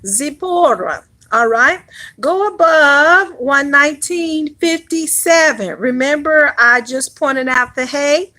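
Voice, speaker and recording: Slow high-voiced woman teaching, "all right?". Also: pushed and bright. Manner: repeats "all right?" after nearly every phrase; slow, deliberate instruction. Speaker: pastor teaching a Hebrew class. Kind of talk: classroom teaching.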